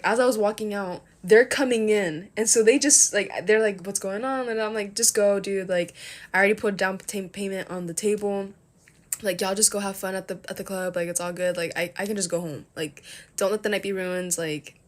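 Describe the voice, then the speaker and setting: A young adult woman telling a long story on a livestream, rambling with many restarts and dropping to hushed whispers for asides. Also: mid-range voice. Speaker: streamer.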